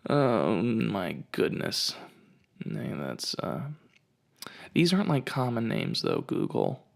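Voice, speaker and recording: Gravelly man ranting on his podcast. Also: medium pitch, huge pitch swings, slow, pauses often. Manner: ranting, jokey storytelling with asides. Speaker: podcast host. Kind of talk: casual comedic monologue. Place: home. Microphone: home microphone.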